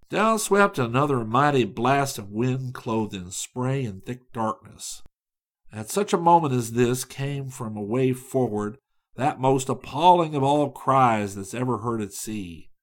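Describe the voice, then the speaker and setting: Man narrating an audiobook, measured read. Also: medium pitch, lively intonation.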